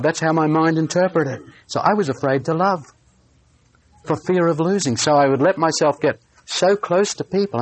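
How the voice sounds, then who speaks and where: A man preaching a sermon, telling a personal story in an earnest way and slowing down on key phrases. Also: a little high.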